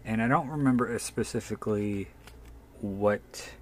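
A man's voice: on the low side, unhurried, slight background noise. A man, an author, telling a story in a candid, self-deprecating way and swearing freely. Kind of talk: casual anecdotal storytelling.

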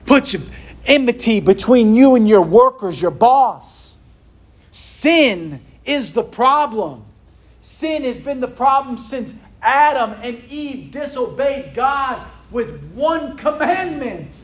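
A man's voice: very high-pitched, very animated, slow. A man preaching a sermon to a congregation in a room, tossing rhetorical questions out for them to answer.

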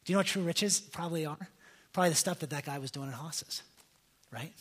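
A man's voice: fairly high pitch, fast talker, breathy edge. A young man preaching in a casual, conversational way, telling stories with many fillers and restarts. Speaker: pastor. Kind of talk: casual sermon storytelling.

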